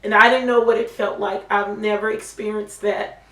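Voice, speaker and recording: A woman's voice: mid-range voice, level tone, moderate pace, a bit bright. A middle-aged woman sharing an emotional, faith-filled testimony as a mother, in earnest personal talk. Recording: roomy sound from a distant mic.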